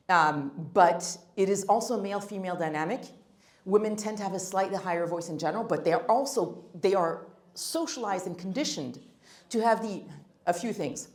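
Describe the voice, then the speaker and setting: In a meeting room with roomy echo, a guest speaker on first impressions leads a blunt, emphatic workshop talk. Her mid-range voice has a darkish tone, and she tosses joking asides to the audience.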